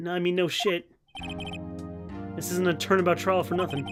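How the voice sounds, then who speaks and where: A man's voice: on the high side, moderate pace, pauses often, over music. A man streaming a game, joking and rambling crudely in casual commentary.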